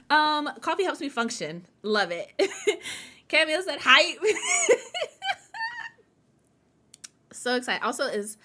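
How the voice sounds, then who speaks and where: Wired woman hosting a writing livestream, laughs a lot, talks to y'all, kinda high voice. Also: very animated, moderate pace, pushed and bright. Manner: hyper, chatty, laughs often, addresses viewers as y'all. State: caffeinated, wired. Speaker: writing sprint livestream host. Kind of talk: casual livestream chat.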